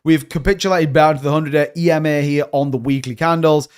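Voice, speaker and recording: A man hosting a live stream, giving casual market commentary in an animated, joking way, repeating catchphrases. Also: fairly high pitch, fast, clear, resonant tone. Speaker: crypto channel host.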